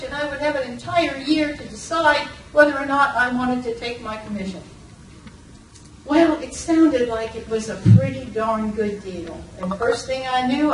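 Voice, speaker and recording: An older woman from Massachusetts performing a personal story live, animated and slipping into voices and bits of song. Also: high-pitched. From Lawrence, Massachusetts. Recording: roomy, distant from the mic, faint room noise.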